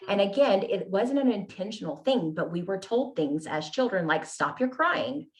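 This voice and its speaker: A woman's voice: medium pitch, expressive, moderate pace, darkish tone. A woman guest telling her personal story in an earnest, candid way, often checking in with "right?" and "you know?". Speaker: podcast guest.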